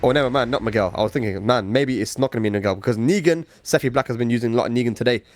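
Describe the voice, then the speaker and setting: A man's voice: medium pitch, very fast. Laid-back esports commentator man. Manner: laid-back, slangy banter. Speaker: tournament commentator.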